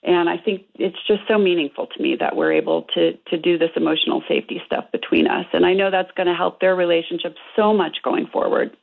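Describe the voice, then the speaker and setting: A woman's voice: lowish voice, steady tone, a little fast, creaky, few pauses. A middle-aged woman, a couples therapist, explaining earnestly as a radio guest over the phone, with many fillers. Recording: tinny phone line.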